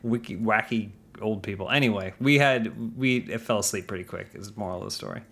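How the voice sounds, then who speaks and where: A man's voice: on the low side, a little fast, vocal fry, a bit bright, breathy edge. A man hosting a podcast, casually retelling a movie plot with lots of restarts and voiced quotes. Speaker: podcast host. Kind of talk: casual chat.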